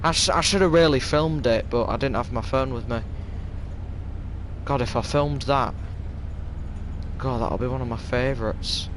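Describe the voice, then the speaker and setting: A man's voice: medium pitch, normal speed, long pauses, noisy background. A young man with a Yorkshire accent chatting casually on a game live stream, rambling through stories in a stop-start way.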